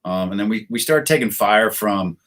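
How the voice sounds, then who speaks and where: A middle-aged American man, a retired soldier and podcast guest, telling war stories in a relaxed, anecdotal way. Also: on the low side, moderate pace. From United States. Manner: laid-back, anecdotal, acts out quoted voices. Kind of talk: casual storytelling interview.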